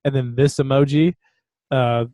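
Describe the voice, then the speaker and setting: A man's voice: mid-range voice, steady tone, measured pace, dark tone, no room sound. A man co-hosting a podcast, telling a story in a loose, laughing way with lots of fillers. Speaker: podcast co-host. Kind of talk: casual chat.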